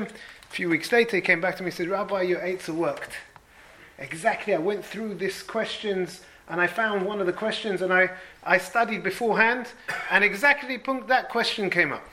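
Man, rabbi giving a sermon, high-pitched, bright, earnest storytelling, faint background hiss. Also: brisk, rough recording. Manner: earnest storytelling with Hebrew terms, swinging between rising emphasis and hushed tones. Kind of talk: Torah class sermon.

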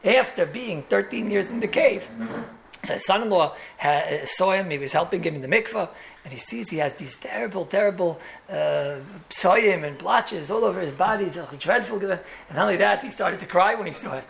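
A man's voice: high voice, lively intonation, normal speed, creaky, fairly bright tone, slight background noise. A man, a rabbi, gives a Torah lecture in English full of Yiddish and Hebrew terms, telling stories with repeated words and chuckling asides.

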